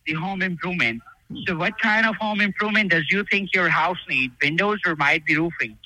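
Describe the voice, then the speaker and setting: A man handles a transferred sales call, agreeable and reciting stock phrases. His bright, sharp voice comes through a thin phone line with no room sound. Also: high-pitched, brisk, no echo. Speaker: telemarketing supervisor. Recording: phone line played on air.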